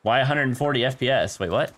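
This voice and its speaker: A man's voice: medium pitch, fast, fairly bright tone. A man streaming a shooter game live, chatting casually with viewers, laughing often and calling them dude and guys, into a desk microphone at home. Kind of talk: casual live gameplay commentary. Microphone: desk microphone near a keyboard.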